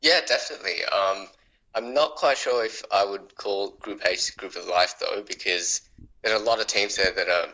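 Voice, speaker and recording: A man's voice: fairly low pitch, moderate pace, bright, forceful tone, poor audio. A man co-hosting a sports podcast, giving casual opinions with frequent hesitations. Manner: hesitant, with frequent ums and uhs. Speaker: podcast co-host.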